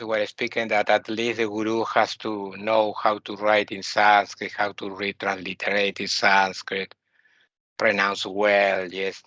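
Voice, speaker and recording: A man's voice: fairly low pitch, sharp tone, no echo, dull audio. Blunt man lecturing. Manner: blunt, opinionated, repeats himself. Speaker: spiritual teacher. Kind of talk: spoken lecture.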